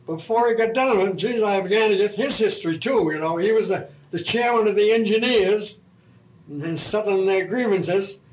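An older man, a retired railroad fireman, telling an oral history story in a slow, halting, folksy way. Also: high voice, low-quality recording.

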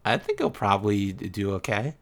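Low-voiced deadpan man reading questions. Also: normal speed, gravelly. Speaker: podcast co-host reading listener questions. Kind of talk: casual chat.

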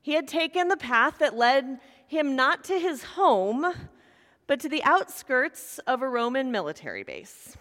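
Woman preacher, sermon, conversational storytelling, playful asides, somewhat high voice, long hall reverb. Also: a bit bright.

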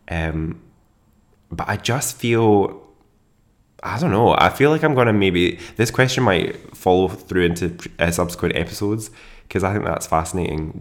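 A man's voice: deep voice, animated, normal speed. A man hosting a solo podcast in casual chat, chatty and self-deprecating, laughing often. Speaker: podcast host.

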